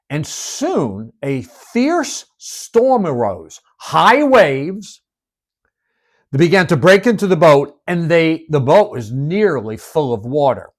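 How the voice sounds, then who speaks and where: A male preacher tells Bible stories with great drama. His pitch moves widely and his voice sits at an average height. He drops to near-whispers to drive a point home. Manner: dramatic storytelling, dropping to hushed whispers for emphasis. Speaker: Bible teacher. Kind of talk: expressive Bible-study sermon.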